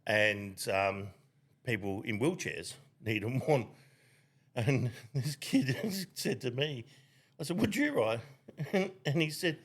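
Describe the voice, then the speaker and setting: A man's voice: medium pitch, slow pace, fairly bright tone. A man co-hosting a crude comedy podcast, swearing freely and laughing often while telling jokes and stories. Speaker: podcast co-host.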